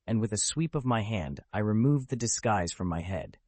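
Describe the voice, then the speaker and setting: A man reading an adventure audiobook in a measured, expressive storytelling manner on a close microphone. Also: on the low side, husky, no echo. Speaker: audiobook narrator. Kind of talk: scripted audiobook narration.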